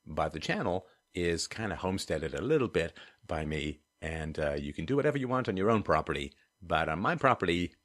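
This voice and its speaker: A man's voice: sits low, expressive, fairly quick, hardly any pauses, a bit bright, dry recording. A man hosting a livestream, answering chat questions in a digressive, wry way with frequent laughs. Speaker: livestream host. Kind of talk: livestream chat and donation appeal.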